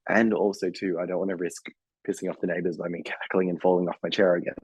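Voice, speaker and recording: A man, hoarse and husky from being sick, chatting casually as a podcast co-host. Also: sits low, little pitch movement, fast talker, darkish tone, dry recording, rough recording. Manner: chatty, laughs easily. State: hoarse from illness. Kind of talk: casual chat.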